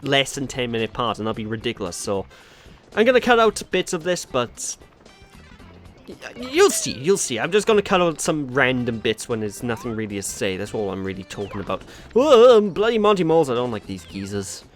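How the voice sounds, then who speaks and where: A man's voice: medium pitch, expressive, a little fast, a bit bright, soft background music. A man with a Welsh accent hosting a let's play, chatty and exasperated, with a bit of swearing. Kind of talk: casual gameplay commentary.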